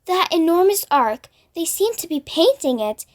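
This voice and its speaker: A woman's voice: very high voice, sing-song, moderate pace, pitched above the performer's own voice. A woman voicing a brave, curious young boy in a storybook reading, talking eagerly. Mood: hushed.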